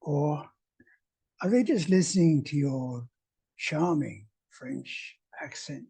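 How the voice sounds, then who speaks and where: A male English teacher presenting a video lesson at a slow, deliberate pace. His voice is mellow and a little husky, and his manner is wry. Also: a little high, lively intonation.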